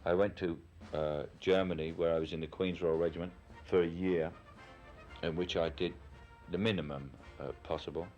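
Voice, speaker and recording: A man's voice: low-pitched, steady tone, moderate pace, a little mellow, lo-fi sound, soft background music. A man with a Cockney accent from London, giving a frank, opinionated and reflective account in a candid documentary interview. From London, England.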